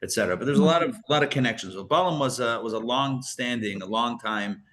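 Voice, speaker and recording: A man's voice: medium pitch, fast talker, fairly bright tone. A man teaching a live Torah class as a rabbi, chatty and full of fillers and restarts, with joking asides.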